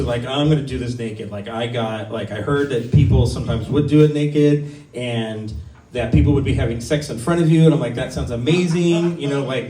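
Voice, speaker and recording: Speaking at medium pitch with a darkish tone, a man in his fifties works an open mic in a small comedy venue. His stand-up is crude and self-deprecating, rambling and full of ums, and the roomy recording picks him up from a distance.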